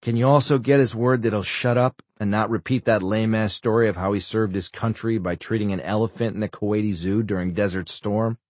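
A man's voice: fairly low pitch, fairly even intonation, a little fast, few pauses, a little mellow, dry recording, natural voice. A man voicing a stubborn, sarcastic injured man pushing to get out of bed, in an audiobook. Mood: impatient. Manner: insistent, sarcastic. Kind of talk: audiobook character voice.

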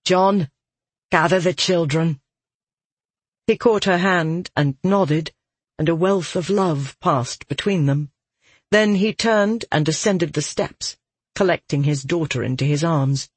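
A man reading a fantasy audiobook aloud in a measured, steady narration. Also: fairly high pitch, breathy edge, no room sound.

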